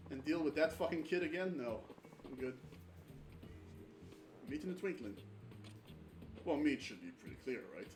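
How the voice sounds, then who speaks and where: A man's voice: fairly high pitch, lively intonation, normal speed, long pauses, music in the background. A man streaming a game with a friend, chatting casually, rambling with many fillers and swearing freely. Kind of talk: casual gaming chat. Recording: roomy echo, distant mic, faint background noise.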